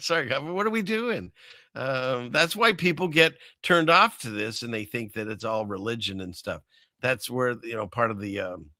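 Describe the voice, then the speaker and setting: A man's voice: fairly low pitch, pushed and bright, dry recording. A man hosting a casual commentary show, rambling with sarcastic asides and frequent chuckles. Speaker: host.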